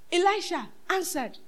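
A high-voiced woman preaches a sermon in bursts, climbing to shouts and dropping to near-whispers. She often puts questions to the congregation, and her manner is dramatic throughout.

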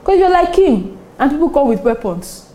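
A Nigerian woman pastor preaching a sermon, animated and often laughing between her points. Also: high-pitched, moderate pace. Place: church service with congregation responding.

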